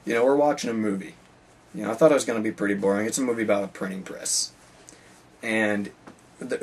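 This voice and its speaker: A teenage boy rambles through a story from his school day. He says "like" and "you know" constantly. His voice sits low and a little husky, and it comes from some way off the mic. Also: distant mic. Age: teens. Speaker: high school student. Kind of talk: casual storytelling.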